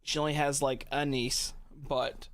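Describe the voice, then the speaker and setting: A man's voice: medium pitch, little pitch movement, a little slow, fairly bright tone, no echo. A man telling long rambling stories in casual chat as a streamer, swearing freely and laughing often.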